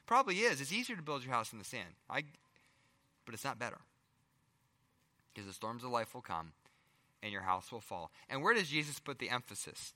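Bright-voiced man preaching with animated swings. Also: mid-range voice, a little fast, long pauses, long reverb tail. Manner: dynamic preaching, rhetorical questions, swings from loud to hushed. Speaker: pastor. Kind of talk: sermon.

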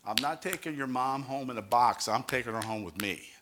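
An older man from New York with a New York accent, a pastor giving a fervent testimony sermon, rising to loud exclamations and calling for amens. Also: mid-range voice, fairly quick.

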